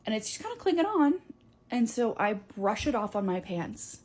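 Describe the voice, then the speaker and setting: A woman's voice: on the high side, normal speed. Chatty young woman telling a story. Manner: animated, chatty, filler-heavy. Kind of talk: casual storytime.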